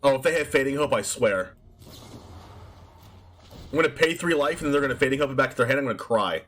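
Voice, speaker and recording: A man commentating his own card game live, excitable, laughing and shouting as the plays unfold. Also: mid-range voice, fast talker. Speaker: streamer playing a card game.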